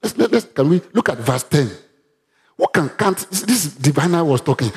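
A man with a Nigerian accent preaching a sermon, reading Bible verses aloud and breaking into sudden loud, animated rises. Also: on the high side, moderate pace. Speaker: pastor.

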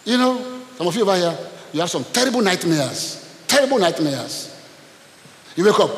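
A man's voice: sits high, sing-song, fairly quick, pauses often. Preaching man in echoey church. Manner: call-and-response preaching, storytelling. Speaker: pastor. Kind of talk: sermon. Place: church hall. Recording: echoey hall with hiss.

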